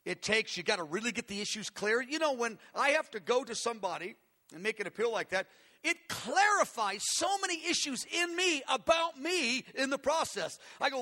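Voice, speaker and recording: A man's voice: very high voice, animated, moderate pace, sharp tone. A man preaching a conversational, earnest sermon, asking his listeners questions as he teaches. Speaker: pastor.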